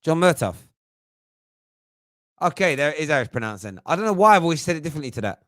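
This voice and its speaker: A man's voice: on the high side, sing-song, fast, a bit bright, dry recording, studio quality. A man hosting a fan phone-in show, chatting casually, thinking aloud and poking fun at himself. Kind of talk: casual live-stream chat.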